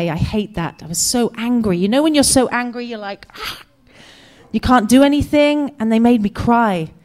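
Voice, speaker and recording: A woman in her forties from Britain with a British accent, giving an expressive personal storytelling talk as a guest speaker. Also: fairly high pitch, clean tone. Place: community center hall.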